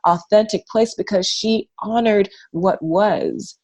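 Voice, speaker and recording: A woman's voice: medium pitch, slow pace, a little mellow, husky. A woman guest in a casual interview, telling a personal story in an earnest, reflective way with many fillers and restarts.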